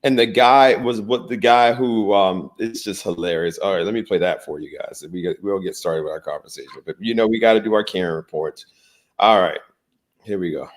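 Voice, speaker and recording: A man's voice: sits low, a little fast. A man hosting a casual chat, amused and chatty, setting up a video for listeners. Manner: amused, chatty, laughs easily. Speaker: host. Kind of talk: casual chat introducing a clip.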